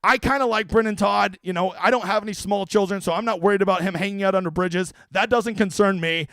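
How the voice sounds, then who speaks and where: A man's voice: high voice, fast talker, fairly bright tone, dry recording. A man hosting a casual streamed fantasy-golf picks talk, brash, profane and joking as he runs through his picks. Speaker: fantasy golf analyst host.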